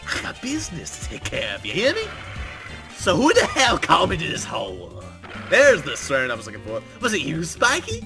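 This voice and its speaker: A man putting on a loud, gruff thug with tough-guy mob swagger, his pitch swinging widely. Music plays clearly underneath. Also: wildly swooping pitch, normal speed. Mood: aggressive. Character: menacing loud male loan-shark thug.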